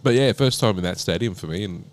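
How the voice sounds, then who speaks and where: A man's voice: lowish voice, quick pace, clear, resonant tone. A man with an Australian accent, co-hosting a podcast in laid-back casual chat and laughing often. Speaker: podcast co-host. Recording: podcast mic in a small room with a humming air conditioner.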